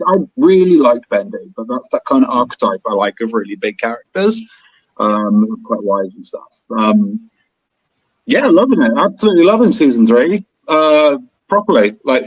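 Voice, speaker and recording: A man co-hosting a podcast in casual chat, excitable and rambling, with bursts of enthusiasm. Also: medium pitch, moderate pace, husky, no room sound, lo-fi sound. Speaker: podcast co-host.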